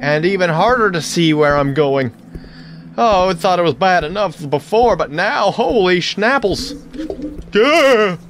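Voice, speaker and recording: A man's voice: a little high, animated, normal speed, slight background noise. A man hosting a horror game let's play, talking in a playful way with silly made-up words.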